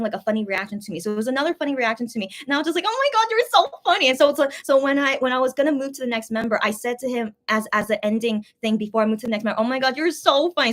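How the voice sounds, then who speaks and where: Young woman vlogger, quick rambling storyteller, slightly high voice, from the US. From USA. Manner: rambling, restarts, excited high-pitched quoted exclamations. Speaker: vlogger recounting a fan meeting. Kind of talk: casual storytelling to viewers.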